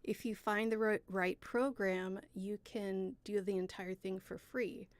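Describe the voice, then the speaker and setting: A woman co-hosting a casual podcast chat, playful and quick to laugh. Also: medium pitch, steady tone, no room sound. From Illinois. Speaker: podcast co-host.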